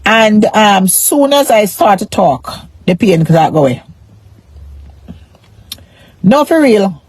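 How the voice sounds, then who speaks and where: A Jamaican woman rambling through a casual live-stream rant, repeating herself and pressing every point. Her voice is husky and breathy, and it sits close and dry with no room sound around it. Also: medium pitch, expressive, slow, darkish tone, dry recording. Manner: rambling, repetitive, emphatic. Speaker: social media personality.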